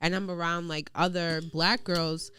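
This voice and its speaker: A woman's voice: lowish voice, flat delivery, a little slow, a bit bright, slight background noise. A young woman hosting a podcast, chatting frankly and curiously in a casual way, with lots of "like" and "you know". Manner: frank, curious, heavy on filler "like". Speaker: podcast host. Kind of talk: casual chat.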